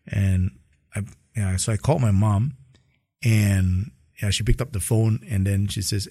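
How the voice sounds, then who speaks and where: A middle-aged man, a guest in an interview, telling an emotional personal testimony in a halting way. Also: lowish voice, animated, vocal fry, slightly rough, no echo, clean studio sound. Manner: emotional storytelling, slow and halting in places.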